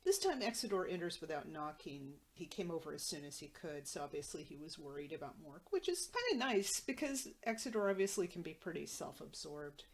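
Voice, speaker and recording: Brief: woman podcast host, lowish voice, wry recap commentary. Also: very animated, a little fast, few pauses. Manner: wry, conversational.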